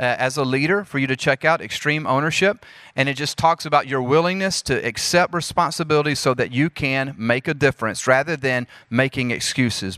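A man in his thirties with a Southern US accent, giving a lively, preacherly leadership talk to a youth group and speaking straight to the audience. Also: medium pitch, no room sound, clean studio sound. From Jackson, Mississippi.

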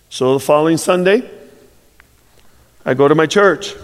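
A man's voice: fairly high pitch, moderate pace, long pauses, in a large hall. A male pastor telling a personal story in a sermon, acting out the dialogue and building to fervent preaching.

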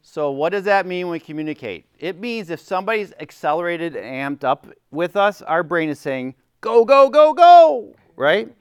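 A man's voice: a little high, normal speed, few pauses, clean tone, no room sound. Middle-aged guy talking to a group, acts out quotes, dry sound. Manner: animated, acts out quotes, keeps checking in with "right?". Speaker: workshop speaker, former chaplain. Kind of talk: informal teaching talk to a group.

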